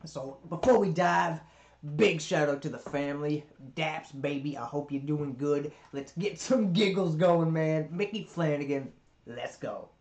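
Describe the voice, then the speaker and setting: A man's voice: on the high side, measured pace, a little mellow, reverberant. A man hosting a reaction video, talking in a laid-back, hyped way and swearing freely. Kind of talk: casual reaction chat.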